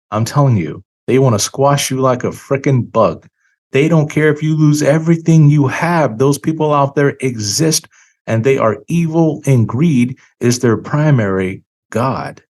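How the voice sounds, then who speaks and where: A medium-pitched man with a darkish tone hosts a finance channel and offers strong opinions in a monologue. Slightly tired, he lands hard on key words and draws the stresses out.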